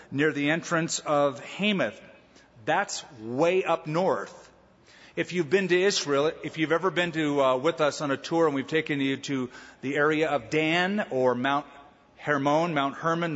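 A man from Southern California preaching an expository sermon with emphatic, drawn-out teaching delivery. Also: fairly high pitch, fairly bright tone. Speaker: pastor. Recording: dull lo-fi sound with long hall reverb.

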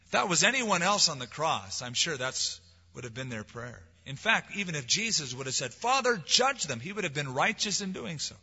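A man preaching a sermon as pastor, rising to loud emphasis and dropping to quiet lines. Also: a little high, very animated, a little fast, husky, big-room sound, highs cut off. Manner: preaching with swelling emphasis and soft drops.

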